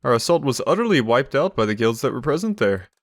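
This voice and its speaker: A man's voice: medium pitch, big pitch swings, quick pace, dry recording. A man voicing a dutiful soldier messenger in his normal voice, formal in tone. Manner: formal, reporting.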